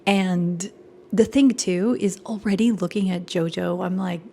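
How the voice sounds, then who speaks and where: A woman giving casual performing arts commentary at home, chatty and animated, often laughing and sometimes dropping to a whisper. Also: fairly low pitch, a little slow, creaky. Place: home room.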